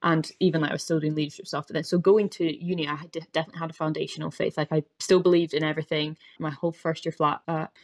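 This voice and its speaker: A woman's voice: low-pitched, little pitch movement, very fast, few pauses. A young Scottish woman chatting as a podcast guest, talking openly with lots of filler words. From Scotland. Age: young adult. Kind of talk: casual podcast chat.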